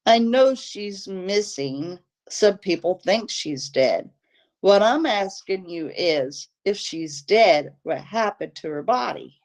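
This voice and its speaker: A woman voicing a guarded male wildlife biologist who answers smoothly and probes with questions. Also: medium pitch, animated, slow. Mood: guarded, probing.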